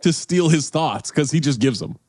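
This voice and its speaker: A man's voice: fairly high pitch, lively intonation, moderate pace, a little mellow, no echo. A man co-hosting a casual movie podcast, with a voice that swings up and down as he jokes. He laughs easily and swears freely. The sound is close and dry. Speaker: podcast co-host.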